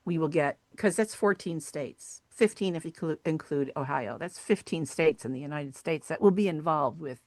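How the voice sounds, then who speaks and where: Earnest woman telling stories, lowish voice. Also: moderate pace, few pauses, dry recording. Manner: earnest, animated storyteller acting out quoted voices. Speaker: podcast guest, sculptor and hiking group founder. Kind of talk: conversational storytelling interview.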